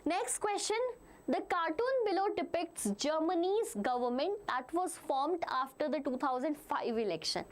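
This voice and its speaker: Woman, teacher, high voice, lively pitch, live online class. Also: normal speed. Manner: animated, asks the class questions.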